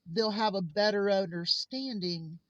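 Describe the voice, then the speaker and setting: A woman's voice: medium pitch, measured pace, no echo. A woman vlogger telling personal stories in a heartfelt, earnest way. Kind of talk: casual personal monologue. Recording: slightly muffled lo-fi recording.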